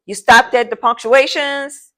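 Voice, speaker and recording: Slightly high-voiced woman teaching a class. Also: steady tone, measured pace, bright, forceful tone. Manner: repetitive, checking in with "okay?" and "all right?"; informal, addresses the class as "y'all". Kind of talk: classroom lesson.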